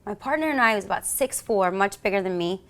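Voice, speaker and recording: A New York–accented woman from the United States, a police officer, tells a story as an interview guest, acting out the voices in it. Her animated storytelling is lively and theatrical, delivered at a medium pitch and a quick pace.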